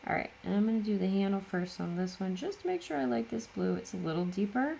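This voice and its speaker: A middle-aged woman hosts a laid-back crafting tutorial, chatting away with plenty of self-deprecating asides. Her mid-range voice is fast and dark-toned, with vocal fry and a faint hiss or hum.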